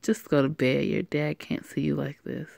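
A woman's voice: low-pitched, fairly even intonation, moderate pace, gravelly, darkish tone, dry recording, studio quality. A woman doing a curt, scolding teen boy. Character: blunt protective teenage boy.

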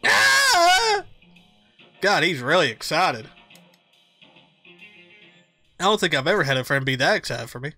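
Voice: mid-range voice, animated, fast talker, bright, forceful tone, faint music behind. A let's player commenting on a game while reading its lines aloud, giggly and reactive, on a close mic. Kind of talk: gameplay commentary.

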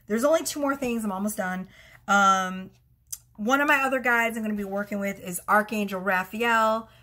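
A woman in her thirties with a bright, forward voice talks casually to her viewers as a tarot reader. She rambles, restarts sentences and swears freely. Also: medium pitch, moderate pace. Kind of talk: casual chatty vlog.

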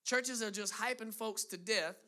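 A man's voice: sits high, moderate pace, sharp tone. A man pastor preaching a sermon to his congregation, building emphatic lists and dropping into conversational asides.

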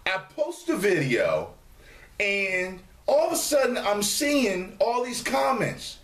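A high-pitched man speaks slowly in an echoey room, vlogging casually to camera from his studio apartment's dining room. Animated and swearing freely, he imitates his commenters in a raised voice.

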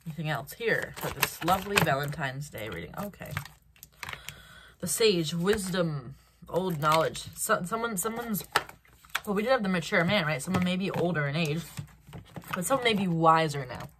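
Animated woman reading tarot cards. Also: fairly low pitch, moderate pace, background noise. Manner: animated, acts out quoted reactions, hesitant restarts. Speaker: tarot reader. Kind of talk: solo tarot card reading.

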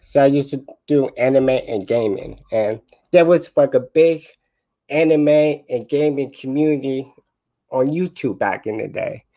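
Slow-talking young man explaining. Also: medium pitch, dark tone. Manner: unhurried, explanatory, reflective. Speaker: guest on a panel. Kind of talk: casual conversation.

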